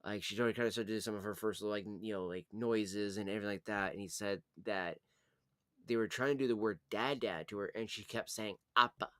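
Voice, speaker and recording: A man's voice: on the low side, brisk, a bit bright, clean tone, dry recording, clean studio sound. A young man, hosting his channel, chatting casually, laughing often and swearing freely. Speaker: channel host. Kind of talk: casual chat.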